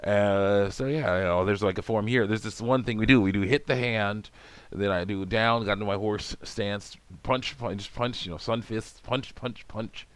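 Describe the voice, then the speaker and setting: Low, smooth-voiced rambling man. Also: steady tone, moderate pace, dry recording. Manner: chatty, many fillers and chuckles. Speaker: let's play video host. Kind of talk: rambling casual chat.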